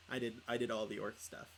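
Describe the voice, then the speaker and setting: A man's voice: medium pitch, steady tone, normal speed, a little hiss or hum, poor audio. A young man chatting casually on a livestreamed podcast, rambling with lots of filler words. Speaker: podcast co-host and player.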